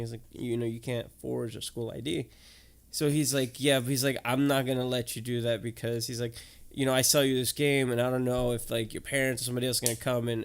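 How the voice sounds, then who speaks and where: A man, a podcast co-host telling stories in casual, swearing, animated chat. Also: medium pitch, vocal fry.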